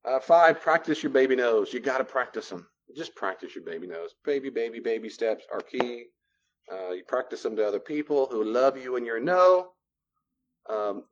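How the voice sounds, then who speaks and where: A man with a medium-pitched voice teaches a class on personal boundaries, lecturing in a conversational way and repeating phrases for emphasis. The session mixes classroom lecture with role-play, and the recording has its highs cut off.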